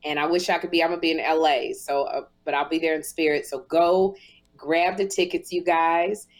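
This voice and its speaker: A woman co-hosting a podcast, telling a story with lively energy and acting out both sides of each conversation, in casual speech. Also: deep voice, fairly quick. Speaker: podcast co-host.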